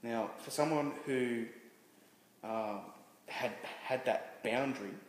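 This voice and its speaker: A man being interviewed as a guest, telling a personal story candidly, halting and restarting with many fillers. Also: mid-range voice. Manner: halting, frequent restarts and "you know" fillers. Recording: roomy reverberant room with faint noise.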